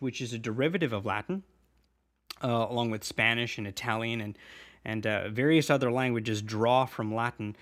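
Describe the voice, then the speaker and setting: Slow, patient man teaching prayer words. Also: medium pitch. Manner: patient, repeats and drills words aloud; slows to spell out the words. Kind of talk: spoken lesson, repeating phrases slowly.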